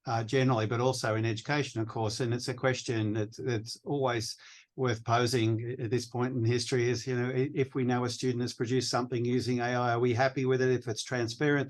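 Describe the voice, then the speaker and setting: A man on a discussion panel thinks out loud in a relaxed way, posing rhetorical questions. His tone stays reflective and conversational. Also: mid-range voice.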